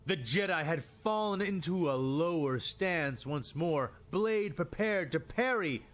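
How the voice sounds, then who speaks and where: A man narrating a fan-made sci-fi story in a dramatic, expressive storytelling manner. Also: a little high, a little slow. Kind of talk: scripted narration of fan fiction.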